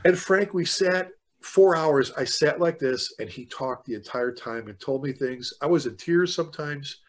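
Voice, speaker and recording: A man from the fire service talking casually on a podcast, telling stories with animated energy. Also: a little high, normal speed. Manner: animated storyteller, excited when retelling.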